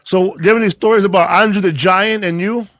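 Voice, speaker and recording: Playful high-voiced male interviewer. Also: steady tone, a little fast, a bit bright, no echo. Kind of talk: casual chat.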